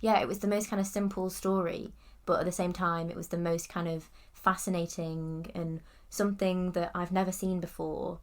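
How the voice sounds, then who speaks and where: A woman's voice: fairly low pitch, flat delivery, normal speed, few pauses. A young woman co-hosting a podcast, chatting casually about a film with lots of "like" and "kind of" and frequent giggles. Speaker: podcast co-host. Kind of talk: casual film review chat.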